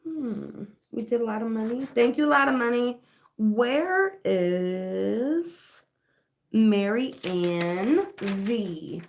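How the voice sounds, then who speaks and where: A woman's voice: a little high, expressive, takes it slowly, slight background noise. A woman with a sore, dry throat, hosting a casual livestream as a spiritual reader and shop owner, chatting in a rambling way with lots of fillers and laughs.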